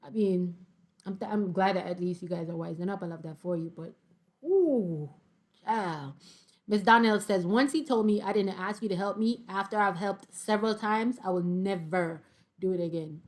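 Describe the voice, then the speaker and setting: A young woman, reading viewer comments aloud in a sassy, animated casual commentary. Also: medium pitch, normal speed. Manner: sassy, animated, laughs often.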